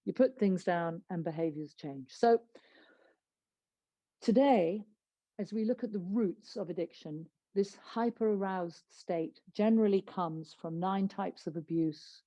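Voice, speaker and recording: A woman teaching a yoga class as a therapist, calmly guiding breathing and body locks, sometimes dropping to a soft whisper. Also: lowish voice, no echo. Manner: slow, soothing instructions, drops to soft whispers.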